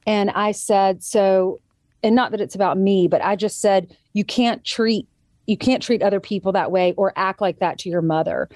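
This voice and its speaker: A woman speaks in an earnest, storytelling way and often slips into quoted voices as she recounts family moments. Her pitch sits in an ordinary middle range. The recording is dry and close, with no room sound. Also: normal speed, a little mellow, no room sound. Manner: earnest storytelling, quoting others in changed voices. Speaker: guest, author and TV co-host. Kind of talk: casual conversation.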